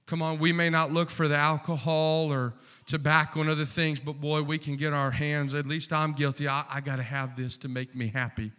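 A man preaching a sermon, slow and impassioned, building to fervent repeated refrains. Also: on the high side, level tone. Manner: impassioned, rising to near-shouting with repeated refrains.

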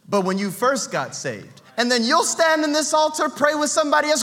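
A man preaching a sermon in a church, fervent and shouting at times, acting out what people say. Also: very high-pitched, animated, brisk, few pauses. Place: church sanctuary.

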